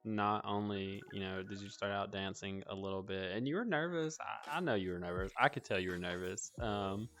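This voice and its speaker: A man's voice: fairly low pitch, fairly quick, few pauses, a bit bright. A man hosting a casual interview, bubbly and teasing, giggling between questions. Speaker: interview host.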